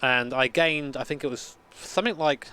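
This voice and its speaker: A man's voice: mid-range voice, normal speed, pushed and bright. A man in his late twenties, a sim racing streamer chatting casually with swearing and rambling stories. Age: late 20s. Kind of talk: casual live-stream chat.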